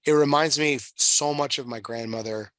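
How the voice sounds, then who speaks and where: Male podcast host, 30s, bright forceful tone, dry close sound; emotional and profane. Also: mid-range voice, no room sound. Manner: emotional, swearing, halting restarts. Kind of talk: casual chat.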